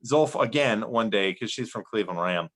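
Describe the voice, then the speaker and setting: A man's voice: lowish voice, expressive, quick pace, fairly bright tone, poor audio. A young man chatting as a podcast guest, rambling with many fillers and restarts. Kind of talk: casual chat.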